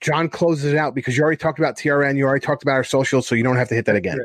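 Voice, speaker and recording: A man co-hosting a casual podcast, talking quickly in a blunt way and swearing freely. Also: mid-range voice, fairly even intonation, no echo.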